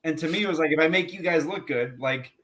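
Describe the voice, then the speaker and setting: A former pro wrestler with a slightly high voice tells profane, laugh-filled road stories in a loose sit-down chat. He acts out the other people in his stories with quick quoted voices. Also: a bit bright. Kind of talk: casual storytelling interview.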